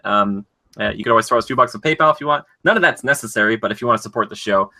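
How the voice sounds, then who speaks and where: A man with an Upper Midwest American accent hosts a casual podcast outro. His voice is very bright and forward. He rambles jokily and fills the gaps with ums and uhs. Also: mid-range voice. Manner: rambling, jokey, many fillers. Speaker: podcast co-host.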